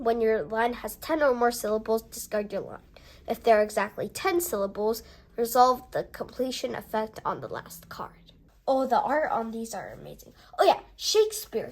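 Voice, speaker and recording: A young woman casually unboxing a board game and reading its cards aloud, chatty and excited as she goes. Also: fairly high pitch. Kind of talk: casual unboxing and card review.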